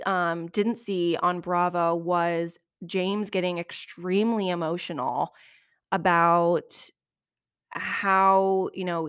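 Woman host, chatty and animated recap, dead-dry recording. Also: lowish voice, dry recording. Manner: chatty, animated, frequent asides and laughs. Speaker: podcast host. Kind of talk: casual reality TV recap.

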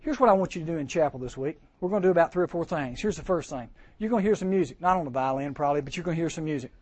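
A man preaching a storytelling sermon at a teen camp chapel, animated and acting out the voices he quotes. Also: a little high, rapid-fire, no room sound.

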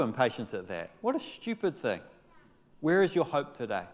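Guy pastor giving a sermon, mid-pitched voice, gets worked up then goes soft and earnest. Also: moderate pace. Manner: animated, rising to loud exclamations and dropping to soft appeals.

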